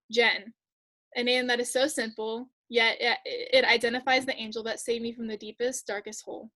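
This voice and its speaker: A teenage girl on a video call reading her heartfelt written tribute aloud in an earnest, measured way, her endings trailing off softly. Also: fairly high pitch. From United States. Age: teens.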